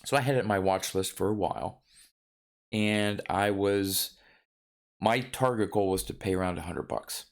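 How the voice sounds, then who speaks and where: A man's voice: lowish voice, normal speed, vocal fry. A man vlogging about his card collecting in a casual, rambling way, with many ums and restarts.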